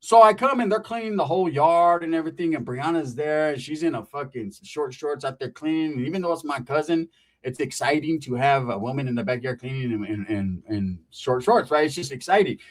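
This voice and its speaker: A man's voice: on the high side, a little fast. A middle-aged man telling a comic story in a swaggering, slangy, profane way. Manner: swaggering, slangy, swears constantly. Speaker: stand-up comedian.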